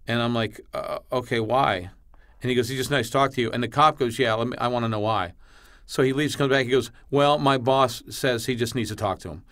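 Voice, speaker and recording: Blunt animated man telling a story. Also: medium pitch, brisk. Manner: animated, acts out both sides of dialogue; blunt, swears freely. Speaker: guest comedian. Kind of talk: casual storytelling on a podcast.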